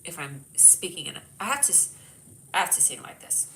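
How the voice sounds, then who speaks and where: A woman's voice: deep voice, very animated, a little fast, sharp tone, slight background noise, poor audio. A woman hosting a live stream, chatting casually and joking with her chat, her voice whiny from a stuffed-up nose. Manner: chatty, jokey, reads chat aloud. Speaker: livestream host.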